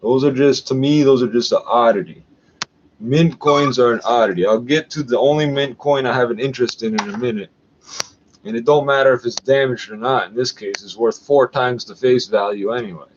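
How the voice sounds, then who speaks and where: A Canadian man thinks aloud in a loose, profane ramble, reading bits of a catalog out loud between asides. His voice sits in a middle pitch. The recording is slightly dull, with a faint hiss behind it. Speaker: vlogger. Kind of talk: rambling coin-collecting vlog. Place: at home.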